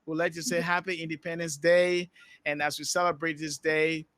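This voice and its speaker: A male podcast host from Liberia, closing the show with announcements and thanks, halting with many fillers. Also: on the high side, level tone, a bit bright, no room sound.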